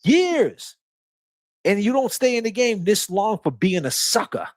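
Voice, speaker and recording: A man's voice: high voice, expressive, moderate pace, no echo. Emphatic profane man on a livestream. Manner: emphatic, profane, preachy, repeats phrases. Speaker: livestream host. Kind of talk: casual livestream talk.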